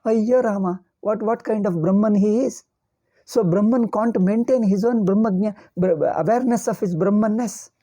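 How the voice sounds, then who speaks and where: A woman's voice: mid-range voice, dark tone, husky. A woman giving a scripture commentary lecture as a Vedanta teacher, explaining patiently, repeating phrases and checking in with the listeners.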